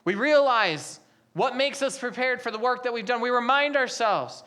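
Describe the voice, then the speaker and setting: A woman's voice: fairly high pitch, normal speed, fairly bright tone. A young adult woman preaching a sermon as a pastor, asking the congregation a stream of rhetorical questions.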